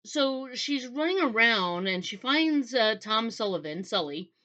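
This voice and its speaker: A woman's voice: a little high, sing-song, a little slow, pushed and bright, muffled recording. A woman who reviews books, chatting in a rambling, casual way and acting out characters' dialogue. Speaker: book reviewer. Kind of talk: casual book review chat.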